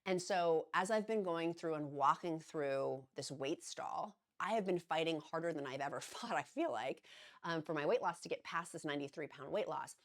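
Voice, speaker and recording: A woman's voice: deep voice, moderate pace. A middle-aged woman vlogging in a chatty, earnest way, rambling at times and restarting her sentences. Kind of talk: casual encouraging talk to camera.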